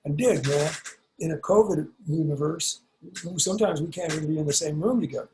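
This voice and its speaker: A man's voice: fairly high pitch, a little fast, darkish tone, a little hiss or hum, rough recording. A man speaking as a podcast guest, explaining ideas in a laid-back, slangy way over a video call. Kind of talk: conversational explaining.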